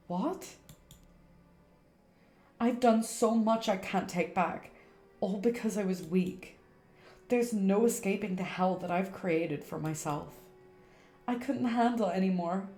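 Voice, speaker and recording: A woman reading as a gentle teenage girl ghost weighed down by guilt. She speaks softly and slowly, as if confessing. Her voice echoes in a roomy space. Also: mid-range voice, lightly acted. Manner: soft, sorrowful, confessional. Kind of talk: reading game dialogue aloud on stream.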